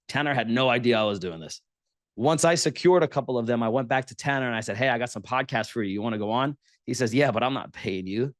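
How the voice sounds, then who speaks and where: A man's voice: medium pitch, dry recording. Storytelling man with a dry close sound. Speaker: guest, podcast booking entrepreneur. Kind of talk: storytelling interview talk.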